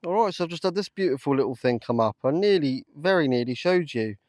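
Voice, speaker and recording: A man talking casually to camera while metal detecting in a field, chatty and easily excited, with lots of fillers. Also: a little high, fast, no echo. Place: open field outdoors.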